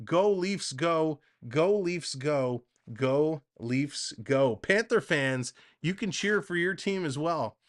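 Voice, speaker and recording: A man's voice: on the high side, takes it slowly, few pauses, faint music behind. A man hosting a live hockey stream, calling the play-by-play and chatting with viewers in the comments. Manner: chatty, excitable, reads viewer comments between calls. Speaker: livestream play-by-play host. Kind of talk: live play-by-play and chat reading.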